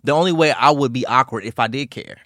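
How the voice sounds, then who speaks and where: A man's voice: mid-range voice, fast, pushed and bright, no room sound, studio quality. A man co-hosting a podcast in casual chat, laughing easily and hesitating with ums and restarts. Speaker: podcast co-host.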